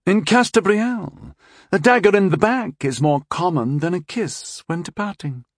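A cold, scheming teenage princess from an audiobook, sly and a little tipsy, looking down on whoever she addresses, as a man puts her on. The voice sits noticeably higher and swoops with lively pitch. It is recorded close and dry. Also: normal speed, no echo. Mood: condescending. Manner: sly, condescending, drawling. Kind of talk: audiobook character voice.

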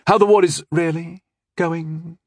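A man's voice: on the high side, steady tone, unhurried, no echo, voice pushed up. A man voicing a cold, scheming teenage princess in an audiobook, speaking in a sly, condescending drawl. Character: scheming sixteen-year-old princess, cold and tipsy. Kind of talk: audiobook character voice.

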